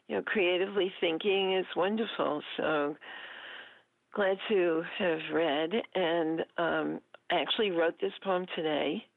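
A woman's voice: fairly low pitch, steady tone, measured pace, gravelly, dry recording. A woman calling in to a show to share a poem, chatting playfully and giggling. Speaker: caller reading her poem. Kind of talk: phone-in chat. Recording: tinny phone line.

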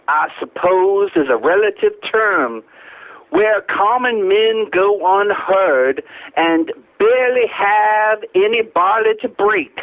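Caller, male, Southern drawl, slow grand recital, tinny phone sound. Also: high voice. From Kentucky. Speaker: caller reading a poem. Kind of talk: dramatic poetry reading, then casual chat.

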